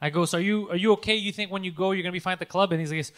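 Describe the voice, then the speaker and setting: Fast high-voiced guy on a podcast, swears a lot, acts out his stories. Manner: animated, profane, acts out quotes loudly. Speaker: podcast co-host, comedian. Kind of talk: casual chat, storytelling.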